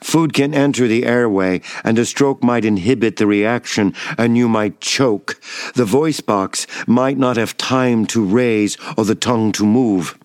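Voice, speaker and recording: A man giving a measured, wry first-person reading of a personal memoir. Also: medium pitch, no echo, studio quality.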